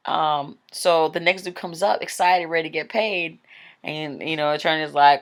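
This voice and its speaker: This Christian speaker recounts a vision in a loose, rambling, talkative way, frequently saying "like" and "um." She has a deep voice, a steady tone, and a normal speaking speed.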